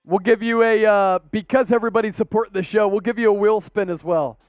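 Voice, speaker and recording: A man hosts a rowdy live-stream watch party, calling plays between jokes in a casual, excitable way. His voice is high and smooth. The sound is dry, with a slightly dull tone. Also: brisk, dry recording, faint music behind. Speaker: host.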